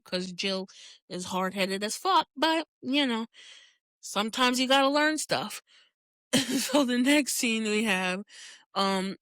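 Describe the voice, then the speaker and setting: A woman's voice: mid-range voice, no echo, studio quality. Laughing, candid woman podcast host. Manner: candid and profane, frequent laughter, animated reactions. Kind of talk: casual TV episode recap.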